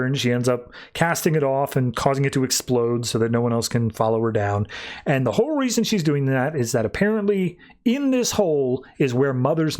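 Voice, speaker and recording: A man hosting a podcast, casually recapping a comic book with animated storytelling. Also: mid-range voice. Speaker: podcast host.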